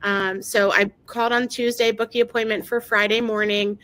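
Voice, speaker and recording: A woman telling an emotional personal story in an interview, talking haltingly with many fillers and restarts. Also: a little high, level tone, a bit bright, poor audio. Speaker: guest sharing her story. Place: lives in Maryland.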